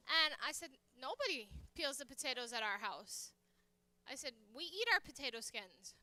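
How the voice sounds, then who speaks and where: A woman's voice: high voice, lively intonation, unhurried, long pauses, bright, forceful tone, no room sound. A woman chef giving a live cooking demonstration, chatty and telling stories while she works. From United States. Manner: chatty, anecdotal, talks while working. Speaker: guest chef. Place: church hall kitchen demonstration.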